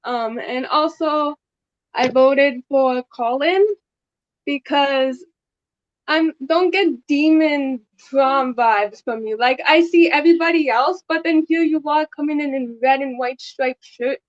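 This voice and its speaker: A woman with a high voice speaks haltingly, searching for words as she explains her votes in a game. The audio is dull, dry and lo-fi, as if from a cheap mic on a video call. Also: no room sound. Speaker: game contestant. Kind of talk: casual game talk.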